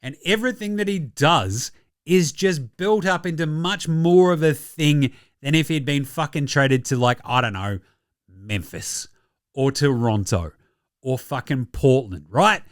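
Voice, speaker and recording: Casting: Australian male sports-pod host, sweary and sarcastic, slightly high voice, dry close mic. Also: no room sound. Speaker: basketball podcast host. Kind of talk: casual sports commentary rant.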